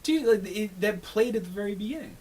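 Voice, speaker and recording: A man co-hosting a podcast in casual chat, with a husky voice, reacting with exclamations and swearing. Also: high-pitched, lively intonation, a little fast, darkish tone, recorded from a distance. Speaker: podcast co-host.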